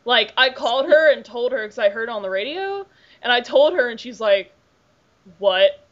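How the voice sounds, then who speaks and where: A woman's voice: a little high, lively intonation, a little fast, fairly bright tone. A woman hosting a podcast in casual chat, talking loosely with lots of "like" and the odd swear word. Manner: chatty, profane, filler-heavy with "like". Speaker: podcast host. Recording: dull lo-fi podcast audio.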